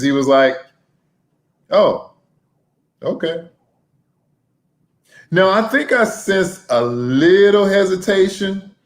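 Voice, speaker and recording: Chatty man hosting a podcast. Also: mid-range voice. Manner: conversational, frequent "right?" and "you know" asides. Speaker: podcast host. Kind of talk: casual storytelling monologue.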